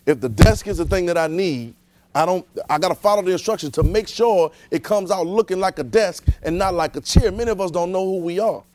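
A man's voice: a little high, darkish tone, no echo. A man preaching a conversational sermon, repeating himself and throwing rhetorical questions at the congregation.

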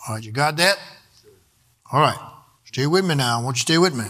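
A man's voice: mid-range voice, animated, fairly quick, bright, forceful tone. A man preaching a sermon, in a rhythmic delivery that drifts into half-singing and draws out key words. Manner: rhythmic preaching, sometimes half-sung, stretched words for emphasis.

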